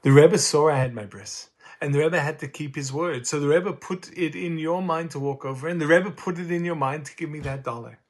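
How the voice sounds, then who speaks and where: A man voicing a gentle, wise elderly grandfather who speaks in a calm, confiding way. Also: fairly high pitch, fairly quick, hardly any pauses, voice pushed up, close to an everyday voice. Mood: earnest.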